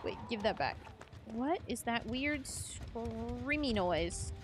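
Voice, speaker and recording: A woman's voice: a little high, expressive, slow pace, noisy background. A young woman live-streaming a game, chatting casually, giggling and greeting her chat.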